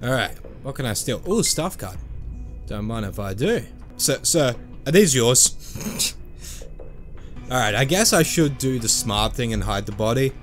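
Let's-player, animated pitch, sweary jokes, faint game music under him. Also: male voice, unhurried. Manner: joking, sweary, does silly voices. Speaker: gaming channel host. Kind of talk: let's play commentary.

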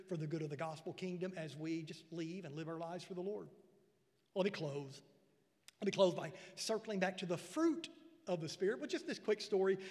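A male pastor preaching a sermon in folksy terms. He swells loud on repeated phrases, then drops low and quiet. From United States. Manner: folksy asides. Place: church sanctuary. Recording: preached in a church hall with long reverb.

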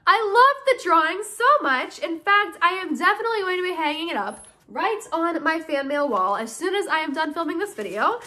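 A young woman vlogger opening fan mail in casual chat to camera, bubbly and excitable and gushing with thanks. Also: extremely high pitch, brisk, hardly any pauses. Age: young adult.

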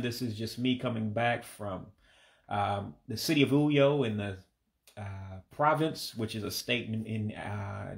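An American man in his forties giving a casual spoken language lesson, with a relaxed and hesitant delivery that is full of fillers, repeating words slowly for practice. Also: medium pitch, creaky. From United States. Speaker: language learner teaching vocabulary.

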